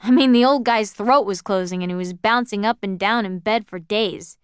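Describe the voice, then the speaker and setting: A woman's voice: mid-range voice, moderate pace, clean tone, dry recording, studio quality, natural voice. A woman reading a strict, tired nurse mother. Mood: weary. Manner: scolding, sharp and raised.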